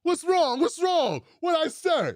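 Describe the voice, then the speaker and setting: A man's voice: very high voice, big pitch swings, measured pace, dry recording, studio quality, voice pushed up, full character voice. A man mimicking a brash, crude old-school male boss who keeps asking what's wrong in mock innocence. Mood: mock-innocent.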